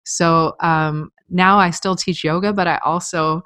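A woman's voice: on the low side, steady tone, measured pace, fairly bright tone, dry recording. A middle-aged woman telling a personal story as an interview guest, candid and earnest, with frequent filler words.

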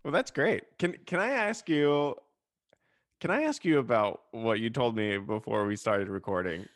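A man hosting a podcast, talking in a gentle, supportive and somewhat hesitant way. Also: medium pitch, expressive, moderate pace, dry recording, clean studio sound. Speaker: podcast host. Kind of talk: casual podcast conversation.

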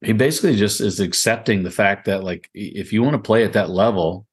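A man's voice: fairly low pitch, brisk, slightly rough. A man with a Southern drawl, co-hosting a golf podcast in a rambling, easygoing way with frequent laughs. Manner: rambling, laughs often, lots of "I mean". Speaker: podcast co-host. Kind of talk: casual golf podcast chat.

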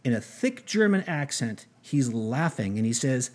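A man's voice: medium pitch, unhurried, hardly any pauses. A man hosting a podcast, telling a story animatedly and acting out the dialogue, often restarting his sentences. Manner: animated retelling with quoted dialogue, frequent restarts. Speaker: podcast host. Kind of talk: storytelling monologue.

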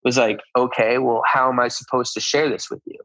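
A man's voice: medium pitch, little pitch movement, brisk, a bit bright, dry recording, low-quality recording. A man with a mid-range voice tells a personal story in a casual, earnest way. He keeps acting out the conversations he had. The sound is dry and close. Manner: earnest, reenacts conversations with "I was like". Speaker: guest telling a personal story.

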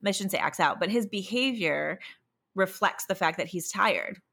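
A young adult woman and parent of a toddler, exhausted, talking candidly in a halting, self-interrupting, emotionally raw way. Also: mid-range voice, lively intonation, creaky, bright, forceful tone, breathy edge. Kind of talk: candid conversational chat.

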